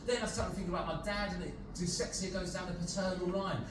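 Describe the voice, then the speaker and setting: A man's voice: sits high, fairly even intonation, fast talker. A man doing a stand-up comedy routine, telling a story full of swearing and acted-out voices. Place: live comedy venue with audience. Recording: roomy live venue, distant mic, loud crowd noise. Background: loud audience laughter.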